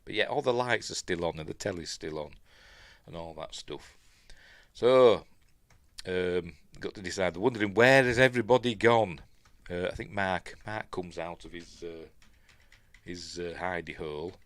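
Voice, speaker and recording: This low, fairly bright voice belongs to a middle-aged Yorkshireman reviewing a film, moving through it scene by scene at a moderate pace. It's a casual, rambling delivery with chuckles and many ums, recorded without echo.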